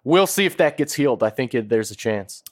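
A man's voice: medium pitch, expressive, brisk. A man co-hosting a podcast, laid-back and hesitant, trailing off and restarting his thoughts. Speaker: podcast co-host. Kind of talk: casual chat.

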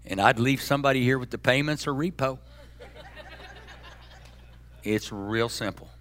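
A man preaching a sermon as pastor, folksy and joking, swinging between loud bursts and hushed asides. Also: medium pitch, a little slow.

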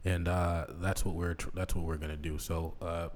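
A man's voice: deep voice, level tone, normal speed. A man co-hosting a podcast in loose, rambling casual chat, full of fillers. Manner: laid-back, rambling with fillers. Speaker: podcast co-host.

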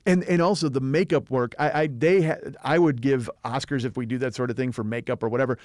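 A man co-hosting a podcast, retelling film scenes in a fast, animated, profane way in casual discussion. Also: medium pitch, no echo, studio quality. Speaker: podcast co-host.

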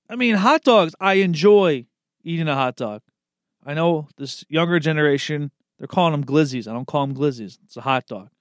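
A relaxed man rambles on in a loose monologue, cursing easily and tossing in "man" and "dude" everywhere. His voice sits a bit high for a guy. The recording is dry and close, with no room sound. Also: no room sound. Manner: laid-back, swears freely, says "man" and "dude" a lot; chuckles at his own slips.

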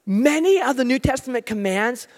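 An American man preaching a sermon, telling stories with animated, self-deprecating humor. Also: very high-pitched, moderate pace. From United States. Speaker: pastor. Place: church hall. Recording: long hall reverb.

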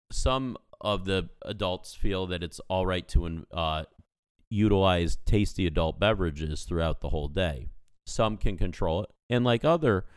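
Deep-voiced man telling a story. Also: clear, resonant tone, no echo. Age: 30s. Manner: animated storyteller, acting out people in his story. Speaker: podcast co-host. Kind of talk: casual storytelling chat.

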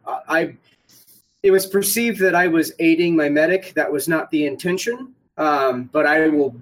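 A man's voice: fairly high pitch, moderate pace, poor audio. A man casually telling a rambling, profane story about getting shot at an airsoft game. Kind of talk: casual podcast chat.

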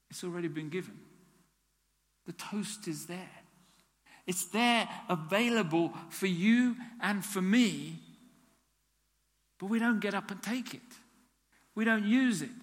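A man preaching a sermon as a pastor, acting out little dialogues with God to make his point. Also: high voice. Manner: animated, acts out dialogue with God. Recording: long hall reverb.

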